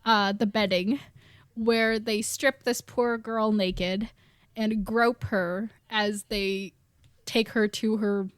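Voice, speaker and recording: A woman's voice: mid-range voice, fairly even intonation, slow, smooth, dry recording, studio quality. A woman, a podcast guest, recapping a book in casual chat, rambling into tangents and laughing between phrases.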